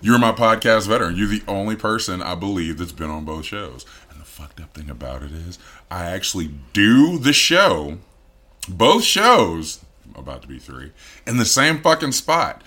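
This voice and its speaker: A man hosting a podcast, chatting loosely and full of swearing. His voice is bright and forceful, and he breaks into laughs and puts on voices as he tells stories. He is close on a studio mic. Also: sits low, big pitch swings, normal speed. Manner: profane, laughing storyteller who acts out voices. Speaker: podcast host. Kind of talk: casual podcast banter.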